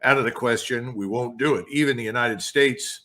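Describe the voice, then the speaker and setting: An older man answers as a guest on an interview show, blunt and emphatic. His voice has a bright, forward tone, and he sits at a middling pitch for a man. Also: normal speed. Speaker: guest commentator.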